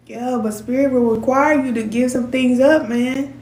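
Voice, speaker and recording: A middle-aged woman with a fairly high voice talks straight to her viewers, candid and emotional, slipping into slang as she gives spiritual advice. Her voice rings in a roomy, echoey space. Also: steady tone, moderate pace, a little mellow. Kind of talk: casual heartfelt talk to viewers.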